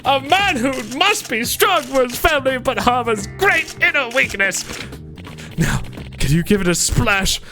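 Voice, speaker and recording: Casting: streamer doing a giddy, over-the-top male photographer, high and swooping, bright tone, faint game music behind. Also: big pitch swings, measured pace, heavily acted. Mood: gushing. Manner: theatrical, ecstatic, shouting praise. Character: flamboyant, gushing male fashion photographer.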